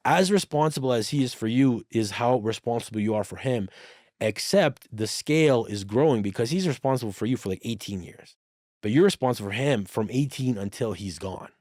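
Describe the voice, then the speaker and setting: A man telling a personal story in a casual podcast conversation, animated, swearing freely and acting out the dialogue. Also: lowish voice, no room sound, clean studio sound. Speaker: podcast guest.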